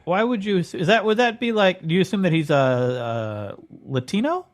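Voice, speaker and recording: A man's voice: high-pitched, sing-song, normal speed. A man co-hosting a comedy podcast in casual chat, firing off incredulous questions and laughing often. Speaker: podcast co-host.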